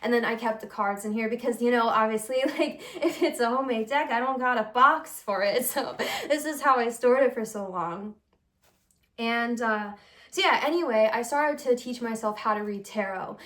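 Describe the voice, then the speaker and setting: With a fairly high, slightly bright voice at a moderate pace, this young woman reads tarot and hosts a channel. She talks casually to camera in an earnest, confessional, rambling way, peppered with fillers and giggles.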